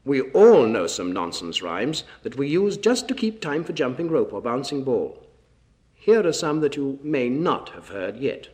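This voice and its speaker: A man's voice: medium pitch, big pitch swings, measured pace, darkish tone. A man hosting a children's radio program, leading rhyme games and reciting tongue twisters in a friendly, teacherly way.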